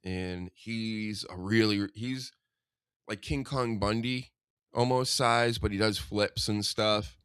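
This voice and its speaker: A man hosting a casual podcast chat, rambling and chatty with quick asides. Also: on the low side, fairly even intonation, a bit bright, clear, resonant tone, no room sound, studio quality. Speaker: podcast host.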